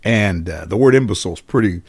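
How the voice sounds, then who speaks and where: A man from Los Angeles telling stories from his childhood as a guest, animated and casual, swearing freely and restarting his sentences often. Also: lowish voice, fast talker, husky. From Los Angeles, USA. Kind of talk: casual storytelling in a conversation.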